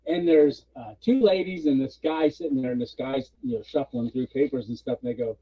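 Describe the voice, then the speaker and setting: A man chatting casually on a live stream, telling a funny story with lots of laughter and quick character voices. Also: slightly rough. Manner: animated storyteller, puts on high voices for characters, laughs often. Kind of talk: casual chat, retelling a comic bit. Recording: dull lo-fi stream audio.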